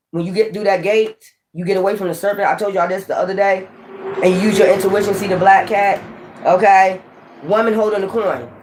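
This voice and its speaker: A woman's voice: fairly low pitch, a little mellow. A woman giving a casual spiritual tarot reading, blunt, profane and preachy, rambling with frequent restarts. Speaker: tarot reader.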